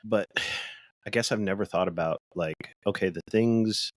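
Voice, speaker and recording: A male podcast co-host talking haltingly in casual conversation, searching for words and sighing. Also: on the low side, no room sound, clean studio sound.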